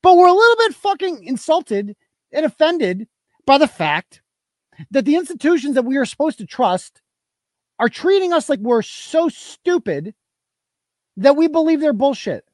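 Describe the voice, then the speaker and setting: A male show host in a profane, heated rant who keeps hammering the same points. His pitch leaps up and down as he gets worked up. The sound is close and completely dry. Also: big pitch swings, moderate pace, darkish tone, no room sound. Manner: heated, swearing, repetitive. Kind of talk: profane ranting commentary.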